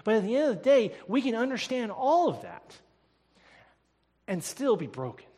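High-voiced preacher in an echoing church. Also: male voice, very animated, normal speed. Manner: emphatic, builds to loud declarations. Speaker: pastor. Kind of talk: sermon. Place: church sanctuary. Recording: long reverb of a church hall.

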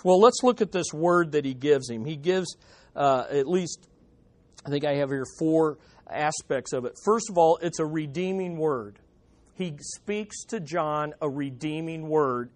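A man preaching a sermon, stressing points by repeating them. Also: fairly high pitch. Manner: emphatic, repeating key phrases. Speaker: pastor.

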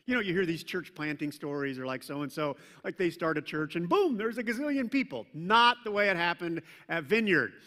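Middle-aged male pastor, sermon, playful and animated, bright higher voice, long church-hall reverb. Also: fairly quick, hardly any pauses. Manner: animated, playful storytelling with sudden loud mock commands. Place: church sanctuary.

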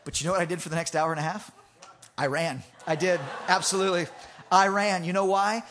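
A man preaching a sermon, telling a funny personal story in an animated way, laughing often and restarting his sentences. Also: sits high, fairly quick, slight background noise. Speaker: pastor.

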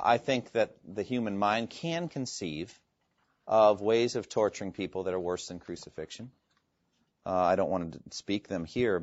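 A man preaching a sermon, earnest and emphatic, quoting scripture and pausing for effect. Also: sits low, a little mellow, dry recording. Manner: earnest, emphatic, with dramatic pauses and quoted scripture. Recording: dull lo-fi, dry sound.

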